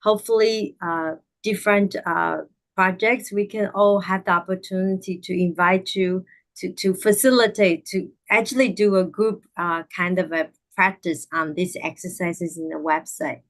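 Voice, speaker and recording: A woman's voice: on the low side, steady tone, normal speed, a bit bright. A woman hosting a livestream, thanking a speaker and introducing the next one politely, with many fillers. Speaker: event host. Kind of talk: livestream moderation. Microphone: video call mic.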